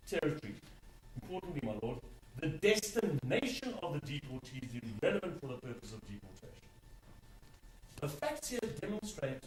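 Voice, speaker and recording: A man's voice: on the high side, echoey room, a little hiss or hum, rough recording. A man arguing a case in court as an advocate, stressing key words by repeating them. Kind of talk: courtroom legal argument.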